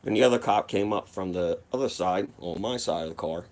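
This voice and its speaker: A lower-voiced man tells a story straight to camera. He rambles and swears freely, acting out the other people in his tale. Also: brisk. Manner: profane, rambling, animated retelling. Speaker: vlogger telling a personal story. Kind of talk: casual storytime monologue.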